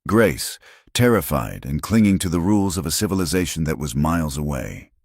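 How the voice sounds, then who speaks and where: Male narrator, very low voice, measured scripted storytelling, dry. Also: animated, a little mellow, breathy edge, no room sound.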